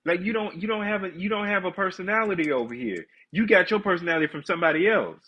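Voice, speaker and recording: A man's voice: high-pitched, quick pace, highs cut off. A man with a congested voice, chatting candidly and ranting to viewers on a casual live stream.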